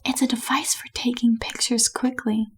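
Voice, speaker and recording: A woman's voice: a little high, normal speed, natural voice. A woman whispering as an eager naive tourist man. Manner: bright, polite, excitable. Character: eager cheerful male tourist, polite and naive. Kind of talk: whispered role-play.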